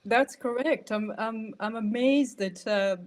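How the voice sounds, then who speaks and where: A middle-aged woman from France with a French accent touched by an Irish lilt, talking slowly and hesitantly with many fillers in a podcast interview. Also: fairly high pitch. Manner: hesitant, searching for words, frequent fillers and laughter. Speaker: guest, nonviolent communication trainer.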